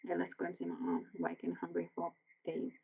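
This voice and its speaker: An Australian woman reading a novel aloud as a bedtime story, in a quiet, gentle voice that slips into whispers. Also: on the low side, sing-song, fairly quick, vocal fry, highs cut off. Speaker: audiobook reader.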